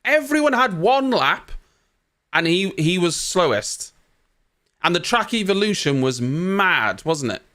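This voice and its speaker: A man's voice: sits high, big pitch swings, a little slow, bright, forceful tone. A young man hosting a race watchalong, giving live reaction commentary in an exasperated, ranting way and swearing casually.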